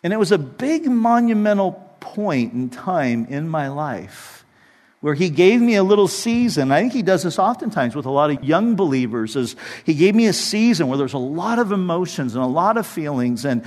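A man's voice: sits high, big pitch swings, moderate pace. A man in his forties preaching a conversational sermon as a pastor, acting out his own past prayers in a church. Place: church sanctuary. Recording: reverberant hall.

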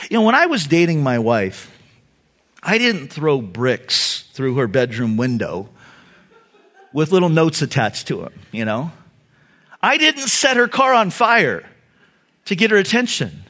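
A man's voice: high voice, sharp tone. A male pastor giving a sermon in an earnest, conversational way, speaking directly to his listeners.

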